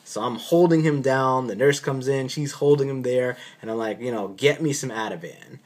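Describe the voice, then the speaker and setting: A man's voice: medium pitch, moderate pace, a little mellow. A man, a doctor, casually telling a story from an on-call night shift with a dry, sarcastic edge. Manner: wry, sarcastic delivery. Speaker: physician recounting an on-call shift.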